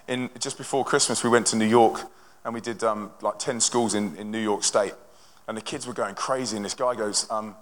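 A young man from a touring Christian band, telling stories to a church audience in an energetic, conversational way with lots of restarts. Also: mid-range voice, a little fast. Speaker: touring Christian band member speaking to a congregation. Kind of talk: live testimony talk to an audience. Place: church hall with a live audience. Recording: long hall reverb from a large venue.

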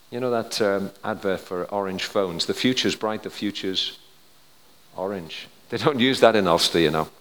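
Older preacher in a reverberant hall. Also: male voice, on the low side. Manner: conversational storytelling, dropping to quiet then rising to emphatic. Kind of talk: sermon.

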